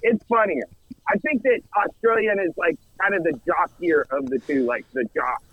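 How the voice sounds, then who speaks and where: A man calling in to a show, chatting in a rambling, halting way. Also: high voice, no echo, narrow, tinny audio. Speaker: caller. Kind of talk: phone-in chat.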